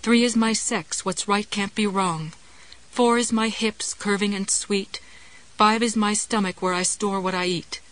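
A woman's voice: mid-range voice, steady tone, unhurried, a bit bright, no echo, lightly acted, rough recording. A woman reading an audiobook, voicing a frightened grown woman who speaks meekly in a trembling, childish way. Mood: chanting.

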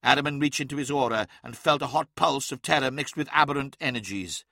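Bright-voiced male audiobook narrator. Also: mid-range voice, a little fast, vocal fry, no echo, clean studio sound. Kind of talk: dramatic scripted narration.

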